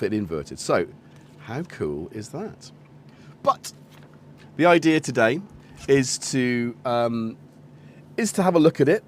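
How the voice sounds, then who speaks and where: A man's voice: medium pitch, slight background noise. A man hosting a casual live stream, chatting loosely and greeting viewers while demonstrating a synth module. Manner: rambling, chatty, self-correcting, greets viewers. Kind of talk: casual live-stream chat and product demo.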